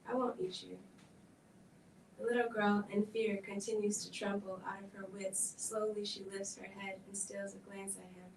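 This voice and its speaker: A woman gives a measured dramatic reading of a script at a film event. Her delivery stays flat and level throughout. She is heard from a distance in an echoey hall with faint noise behind her. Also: medium pitch. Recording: echoey room, distant mic.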